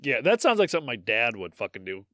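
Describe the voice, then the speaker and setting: A man's voice: medium pitch, sing-song, quick pace, pushed and bright, no echo, studio quality. A man co-hosting a podcast, reading history aloud and breaking off into profane, joking asides. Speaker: podcast co-host.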